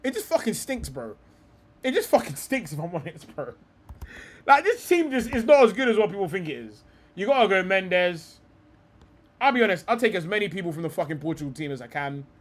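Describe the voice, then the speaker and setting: A young man hosting a live football talk stream. He swears a lot and thinks aloud, often trailing off into low mutters. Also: sing-song, fairly quick. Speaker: streamer host.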